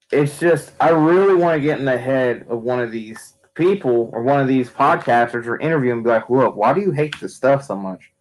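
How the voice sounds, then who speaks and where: A man's voice: mid-range voice, a little fast, few pauses, a little mellow, poor audio. A young man who streams about wrestling, ranting casually with lots of fillers and restarts. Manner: rambling, frequent fillers and restarts. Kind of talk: casual opinion rant.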